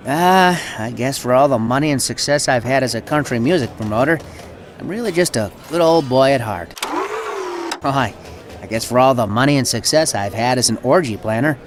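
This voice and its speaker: An actor with a Southern American accent playing a bombastic, folksy country music promoter who swings from ranting to sheepish. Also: male voice, mid-range voice, lightly acted. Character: blustering Southern good-old-boy promoter, middle-aged man. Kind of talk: video game voice acting.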